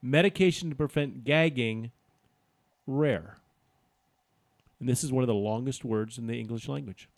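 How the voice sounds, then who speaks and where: A man's voice: medium pitch, normal speed, vocal fry, pauses often. A man hosting a casual word game with friends, reading out clues in a teasing, upbeat way. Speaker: game host.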